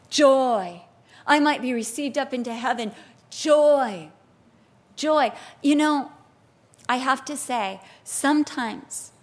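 A woman with a high, bright voice delivers an animated sermon. She tells stories with vivid acted-out quotes and a lot of expression. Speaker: preacher.

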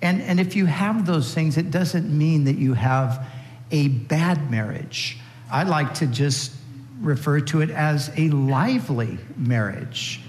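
A man co-leading a talk on marriage, relaxed and conversational, with frequent fillers. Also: a little high, takes it slowly, echoey room, long reverb tail, poor audio. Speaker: co-speaker at a marriage session. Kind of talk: sermon-style teaching.

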